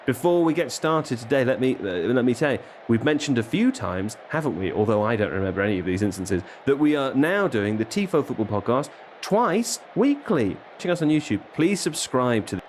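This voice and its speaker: A man's voice: mid-range voice, very animated, fairly quick, hardly any pauses. A man hosting a football podcast, playful and theatrical, chatting casually with guests. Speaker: podcast host. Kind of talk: casual chat, laughing often. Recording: noisy background.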